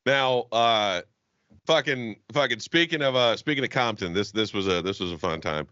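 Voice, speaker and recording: A man's voice: fairly low pitch, moderate pace, dry recording, dull audio. A man co-hosting a casual comedy podcast, telling rambling, profane stories and acting out the people in them. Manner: profane, rambling storyteller with animated quoted voices. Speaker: podcast co-host. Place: Jacksonville, Florida.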